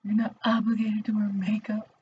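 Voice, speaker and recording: A woman's voice: medium pitch, little pitch movement, brisk. Teasing young woman, off-mic. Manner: teasing, dry. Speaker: friend in the room. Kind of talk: casual banter. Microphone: off-mic, no headset. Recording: dull off-mic audio with faint noise.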